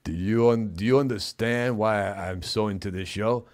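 A man hosting a comedic chat show, talking in a deadpan, mumbling way. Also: lowish voice, normal speed. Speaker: host.

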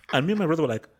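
A man's voice: fairly high pitch, fairly bright tone, a little hiss or hum. A man in casual football chat, telling stories with many stammered restarts and laughter. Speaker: podcast co-host.

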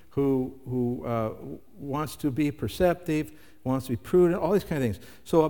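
A man's voice: on the high side, a little mellow. An older man preaching a sermon in a conversational way, asking the listeners rhetorical questions. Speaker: pastor. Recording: long hall reverb.

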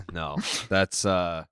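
A man's voice: sits low, very slow, gravelly, smooth, no room sound, studio quality. A man co-hosting a casual podcast, reacting with jokes and laughter. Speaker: podcast co-host.

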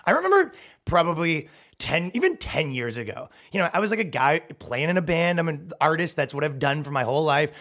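A man's voice: fairly high pitch, big pitch swings, a little fast, fairly bright tone. A man hosting a podcast, delivering a sarcastic, profane, rambling comedic rant. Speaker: podcast host. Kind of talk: comedic monologue.

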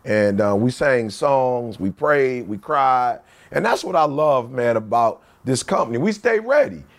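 A man co-hosting a casual podcast, giving playful, hyped shout-outs and laughing along. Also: medium pitch, animated, measured pace, vocal fry. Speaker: podcast co-host.

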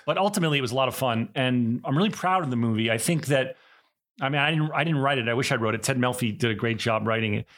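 Middle-aged man, animated raconteur, casual and self-correcting. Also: medium pitch, quick pace. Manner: animated, with frequent restarts and laughter. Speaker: actor and director, guest. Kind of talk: casual interview storytelling.

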